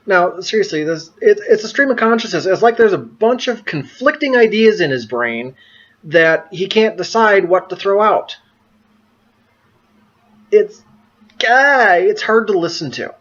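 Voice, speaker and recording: A man's voice: high-pitched, lively intonation, a little slow, fairly bright tone, highs cut off. A man giving casual political commentary in a vlog, amused and exasperated, stumbling over his words. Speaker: vlogger.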